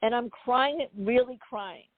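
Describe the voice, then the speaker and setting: A woman's voice: fairly high pitch, slow, dry recording. Chatty woman storyteller on a phone line. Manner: chatty, animated storyteller with many asides. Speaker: guest, founder telling her story. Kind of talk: storytelling interview. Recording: phone-like dry call audio.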